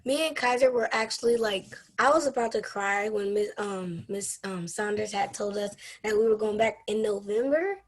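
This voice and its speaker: A woman's voice: medium pitch, moderate pace, few pauses. A student on an online class call, rambling and hesitating with ums as she tells a story.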